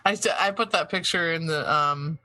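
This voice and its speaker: A woman's voice: low voice, normal speed, sharp tone, no room sound. Amused woman hosting a live stream. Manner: amused, laughs often. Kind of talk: casual chat.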